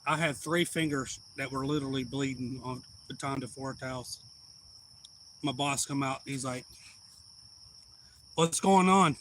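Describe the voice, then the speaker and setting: A man's voice: medium pitch, level tone, moderate pace, noisy background. A man, telling a rambling, profane story in a casual live-stream chat. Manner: rambling, blunt and profane, with heated retelling.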